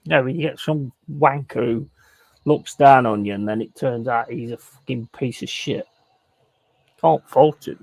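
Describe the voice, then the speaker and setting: Gravelly, sweary man. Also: medium pitch, warm tone, no echo. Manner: blunt, crude and laughing. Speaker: streamer. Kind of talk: casual sweary storytelling while gaming.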